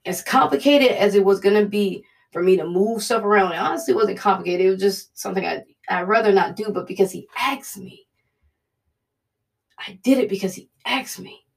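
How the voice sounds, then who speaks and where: Gravelly-voiced woman preaching earnestly. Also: mid-range voice, moderate pace. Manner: earnest, repetitive, conversational preaching. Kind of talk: devotional teaching.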